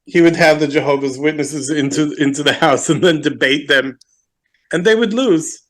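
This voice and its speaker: A man's voice: on the high side, moderate pace, a bit bright. A man on a remote call telling a short, amused anecdote in casual chat. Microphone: remote call, headphones failed.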